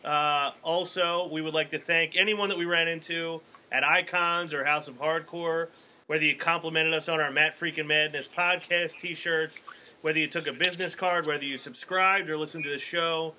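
A man co-hosting a casual podcast who reads the shout-outs and sponsor plugs in an upbeat, quick way. His voice is very bright and sharp, pitched a little higher than most men. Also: fairly even intonation, slight background noise. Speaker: podcast co-host.

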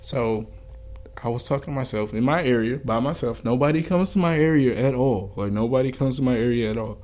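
Guy cohost chatting loose n profane, relaxed, mid pitched voice. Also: a little fast. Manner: loose, profane, laid-back storytelling. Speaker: podcast co-host. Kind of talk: casual chat.

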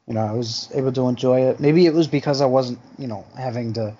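Laid-back, husky podcast co-host man. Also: mid-range voice, fast talker, dark tone, muffled recording. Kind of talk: casual chat.

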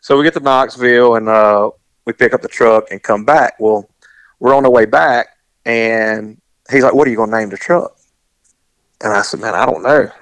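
Man, middle-aged, rambling animated storyteller, dry close sound. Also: medium pitch, moderate pace, no echo, rough recording. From US South. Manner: rambling, animated, acts out quoted voices. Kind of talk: casual storytelling.

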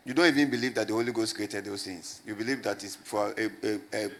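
A man's voice: lowish voice, steady tone, fast. Man preaching with call-and-response. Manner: call-and-response preaching, repeats questions to the crowd. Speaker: pastor. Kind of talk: sermon to a congregation.

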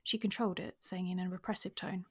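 A woman co-hosting a podcast, discussing a novel and reading passages aloud in a measured way. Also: fairly low pitch, breathy edge. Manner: reads passages in a measured, even way. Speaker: podcast co-host. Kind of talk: casual book chat with reading aloud.

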